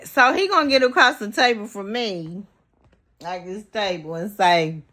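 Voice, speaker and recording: Slow-talking woman telling a blunt story. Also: mid-range voice, pushed and bright. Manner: blunt, profane and laughing as she tells the story; acts out quoted lines with rising, emphatic repeats. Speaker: vlogger. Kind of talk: casual storytelling to viewers.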